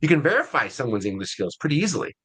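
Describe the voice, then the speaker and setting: A middle-aged man with a US Hispanic accent, hosting a webinar in a casual, energetic way with many fillers and restarts. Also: mid-range voice, rapid-fire, breathy edge. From Latin America. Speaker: webinar host.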